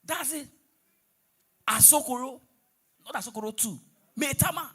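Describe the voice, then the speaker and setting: A man's voice: very high voice, very animated, moderate pace, long pauses, pushed and bright, breathy edge. A man with a Nigerian accent doing stand-up crowd work on stage, teasing the audience, mixing in pidgin and breaking into bits of song. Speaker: comedian on stage.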